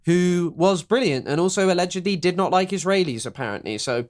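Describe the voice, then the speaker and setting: A man's voice: high-pitched, lively intonation, a little fast. A young English man chatting casually as a podcast co-host, sardonic and rambling, with many fillers and restarts. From England. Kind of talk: casual political chat.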